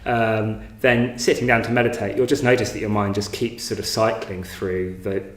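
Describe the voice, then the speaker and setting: Male meditation teacher, low voice, hesitant and loose, roomy home recording. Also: little pitch movement, moderate pace. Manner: hesitant, many fillers and restarts. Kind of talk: informal meditation talk. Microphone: online class, home recording.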